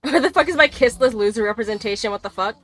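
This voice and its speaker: A woman's voice: on the high side, quick pace. A young woman streaming a game, chatting casually, swearing, laughing and exclaiming as she plays.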